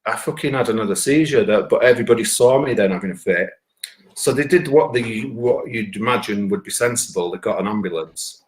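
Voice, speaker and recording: Brief: Northern English man from Bradford, comic storyteller, sweary and excitable, mid-range voice. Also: mid-range voice. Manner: profane, rambling, excitable anecdote. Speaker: comedian telling a story. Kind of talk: stand-up storytelling.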